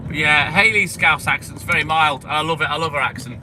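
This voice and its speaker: A man's voice: fairly high pitch, fairly quick, background noise. A man hosting a casual livestream, answering viewer comments in a blunt, sweary, chatty way. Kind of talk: casual live chat.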